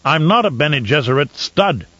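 Brief: man voicing a blustering, spiteful Baron, raised and loud, dull dry audiobook sound. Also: fairly high pitch, expressive, normal speed, no room sound, pitched above the performer's own voice. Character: raging, vain, cruel male Baron.

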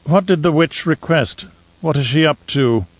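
Brief: man voicing a sly, cool-headed advisor, measured delivery, dry dull read. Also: on the high side, no room sound, pitched above the performer's own voice, natural voice. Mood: probing. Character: cold, calculating male Mentat advisor.

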